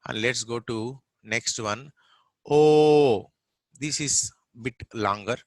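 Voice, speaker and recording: A middle-aged man with a Telugu-influenced Indian English accent, teaching English pronunciation and drilling words slowly with stretched vowels. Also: medium pitch, no room sound. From Telugu-speaking South India. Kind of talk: pronunciation lesson.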